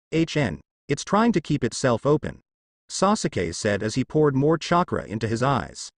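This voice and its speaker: A man's voice: mid-range voice, dry recording, studio quality. A man reading fan fiction aloud as narrator, voicing every character in the same voice.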